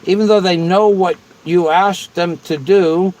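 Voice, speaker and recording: A man's voice: high-pitched, steady tone, measured pace, a little mellow, poor audio. A man hosting a casual livestream, rambling and repeating himself as he answers viewers. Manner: rambling and repetitive. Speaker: livestream host.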